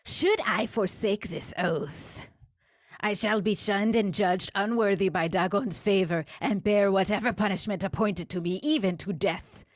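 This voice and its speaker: A woman's voice: medium pitch, measured pace, no room sound, clean studio sound, close to an everyday voice. A woman voicing a malformed sea creature that poses as a human, with a tinny yet guttural voice. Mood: solemn.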